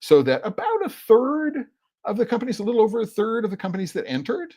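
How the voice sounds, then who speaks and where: A man's voice: high voice, big pitch swings, fast talker, mellow. A man hosting a solo podcast, thinking aloud in a rambling, exasperated way with lots of fillers. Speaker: podcast host. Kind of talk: casual solo podcast commentary.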